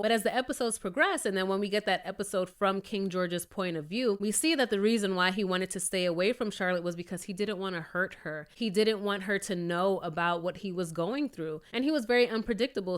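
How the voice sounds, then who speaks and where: Expressive woman reviewing a TV show. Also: medium pitch. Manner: expressive, emotional, playful asides. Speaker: TV review vlogger. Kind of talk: casual review chat.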